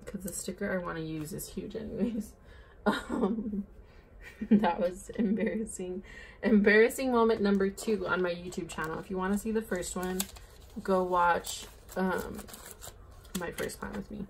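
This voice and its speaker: A woman's voice: medium pitch, a little slow, vocal fry, slight background noise. A young woman chatting casually while she fills in her planner, rambling and bubbly, saying "like" and "oh my gosh" often. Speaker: planner vlogger. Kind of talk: casual chatty plan-with-me vlog.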